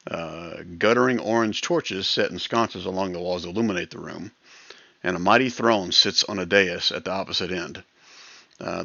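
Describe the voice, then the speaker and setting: A man running a tabletop game as dungeon master, his low voice gravelly yet sharp and bright. He describes the scene through plenty of ums and uhs, heard over a dry, muffled voice-chat mic. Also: no room sound. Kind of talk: narrating a tabletop game online. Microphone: computer mic on voice chat.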